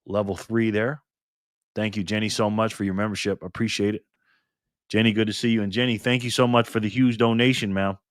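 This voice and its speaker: A man's voice: fairly low pitch, little pitch movement, fairly quick, no echo, clean studio sound. A man hosting a casual live stream, greeting viewers by name and reading chat aloud in a friendly, chatty way while recovering from illness.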